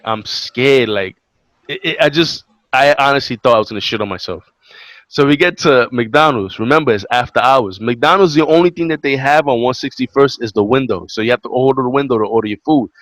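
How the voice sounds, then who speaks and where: A man's voice: mid-range voice, a little fast, no echo. Profane young New man telling a story. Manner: animated, profane, acts out quotes. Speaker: podcast co-host. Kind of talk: casual storytelling chat.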